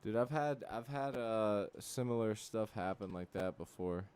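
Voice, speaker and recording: A young man chats casually on his livestream in a low, smooth, mellow voice. He tells rambling, profane stories padded with fillers, and he reacts loudly and with disbelief to what chat says. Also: measured pace. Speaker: livestream host.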